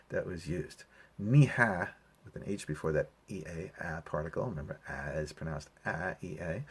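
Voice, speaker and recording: A man teaching a language lesson in a relaxed, explanatory way, with frequent fillers as he walks through the material. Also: low-pitched, slightly rough. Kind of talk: casual lesson walkthrough.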